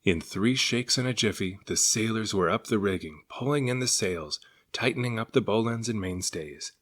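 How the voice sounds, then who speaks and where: A man reading a children's picture book aloud in an expressive storytelling way. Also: lowish voice, normal speed.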